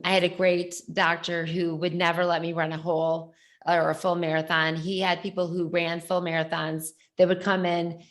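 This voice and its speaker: A woman hosting a podcast roundtable, chatty and self-deprecating as she tells stories. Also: fairly low pitch. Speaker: podcast host. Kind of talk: casual roundtable chat.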